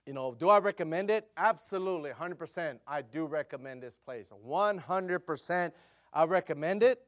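A middle-aged man preaches a laid-back, story-driven sermon in a voice slightly higher than most men's. His words are sprinkled with "you know," and whenever he gets excited he turns louder and more animated.

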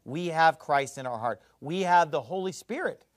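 Male pastor, emphatic sermon, bright high voice with wide swings. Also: expressive, normal speed, dry recording, studio quality. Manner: emphatic, argumentative preaching.

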